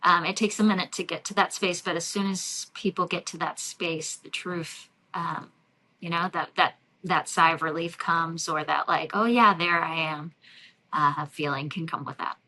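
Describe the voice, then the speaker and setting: A woman energy healer talking in a relaxed podcast interview, reflective and loose, with many fillers and light laughs. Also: lowish voice, normal speed, a little hiss or hum, low-quality recording. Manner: warm, reflective, frequent fillers and soft laughs. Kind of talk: casual interview talk.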